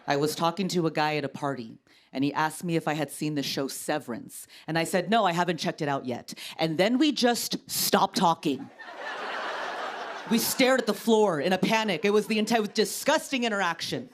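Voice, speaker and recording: A woman in her thirties doing a stand-up comedy set on a TV stage, wry and exasperated, acting out the people she quotes at a louder pitch. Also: slight background noise. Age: 30s. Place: television studio stage. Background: studio audience laughter.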